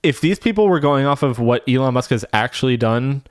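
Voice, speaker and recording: A man's voice: mid-range voice, animated, fairly quick, clear, resonant tone, dry recording, studio quality. A man streaming live, reacting with profane, laughing, rambling commentary.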